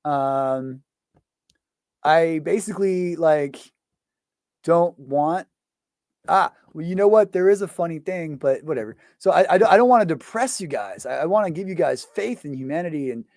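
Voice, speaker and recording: Male host, fairly high voice, dry close sound, loose profane rant, lots of fillers. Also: animated, normal speed, a little mellow, no echo. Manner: profane, rambling, full of fillers. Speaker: show host. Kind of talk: casual ranting monologue.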